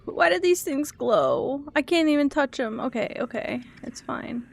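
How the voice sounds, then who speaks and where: A high-pitched young woman streamer talking her chat through a game. She sounds nervous and giggly, swinging between scared whimpers and offhand commentary. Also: lively intonation, unhurried, vocal fry.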